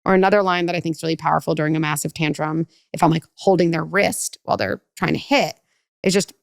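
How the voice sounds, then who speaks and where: A woman speaking as a parenting expert in a podcast conversation, talking quickly and acting out children and parents with lively shifts in her voice. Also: on the low side, vocal fry, dry recording, studio quality. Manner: fast, animated, acts out kids and parents with voice shifts.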